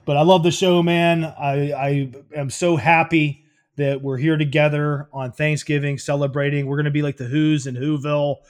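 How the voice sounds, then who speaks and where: A man co-hosting a casual comedy podcast, excitable, laughing often and swearing freely. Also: on the high side, normal speed. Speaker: podcast co-host.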